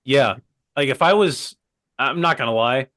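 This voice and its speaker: A young man with a medium-pitched, fairly bright voice co-hosts a comedy podcast, speaking expressively at a measured pace. His casual talk meanders through tangents, peppered with "by the way." The audio is intimate and dry, lacking room echo.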